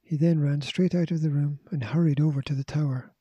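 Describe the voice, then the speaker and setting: A man reading a children's storybook aloud in a steady, measured way. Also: on the high side, slightly rough, no room sound, lo-fi sound. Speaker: audiobook reader. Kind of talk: storybook narration.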